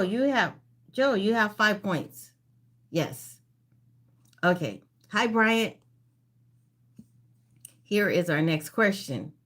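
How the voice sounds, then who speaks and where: Woman quiz host on a casual live stream. Unhurried reads, repeats each question. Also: deep voice, fairly bright tone. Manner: reads questions slowly and repeats them, greets viewers by name. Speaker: livestream trivia host.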